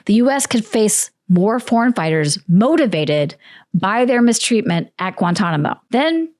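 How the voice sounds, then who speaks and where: A woman hosting a book discussion, mid-pitched and recorded dry and close. She talks through her script with sarcastic asides and punchy emphasis. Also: big pitch swings, unhurried, a little mellow, no echo. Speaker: book commentary host. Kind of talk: casual scripted commentary.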